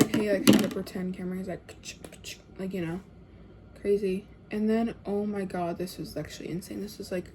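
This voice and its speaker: A young woman telling a casual storytime, chatty and full of fillers, often dropping to hushed tones. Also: mid-range voice, noisy background.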